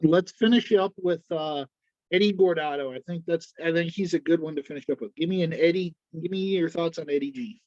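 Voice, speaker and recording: A man's voice: fairly high pitch, brisk, darkish tone, no echo. Man with a dull, dry lo-fi sound. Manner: brief, to-the-point prompts. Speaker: podcast host. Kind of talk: interview, quick-fire prompts.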